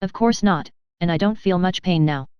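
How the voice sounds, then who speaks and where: A text-to-speech voice reading the lines of a gentle, polite young man in an audiobook. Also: medium pitch, normal speed, smooth, no room sound, natural voice. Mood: mild. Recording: dull, dry synthetic audio.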